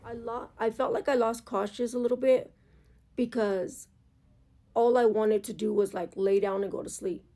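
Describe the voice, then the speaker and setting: Gravelly, candid woman vlogger. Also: fairly high pitch, fairly even intonation, normal speed, mellow. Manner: candid, earnest, swears freely. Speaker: motorcycle vlogger. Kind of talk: casual confessional storytelling. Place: at home, in pajamas.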